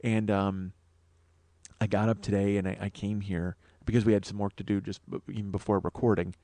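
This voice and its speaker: A man's voice: on the low side, flat delivery, brisk, mellow, no room sound. A man hosting a podcast, telling a rambling comic story in an exasperated, profane, self-mocking way. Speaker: podcast host.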